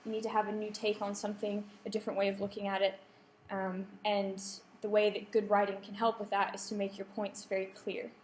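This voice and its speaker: A young woman talks students through writing advice at a middle pitch, pausing on ums and correcting herself as she goes. Her voice carries the echo of a lecture room over faint background hiss. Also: completely flat delivery. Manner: explanatory, with frequent ums and self-corrections. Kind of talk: academic writing workshop talk.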